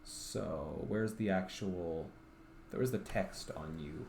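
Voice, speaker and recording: A man's voice: low-pitched, takes it slowly, gravelly, darkish tone, slight background noise. A man streaming while he works on a game, thinking aloud in a rambling way with many ums and restarts. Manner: rambling, self-talking, full of ums and restarts.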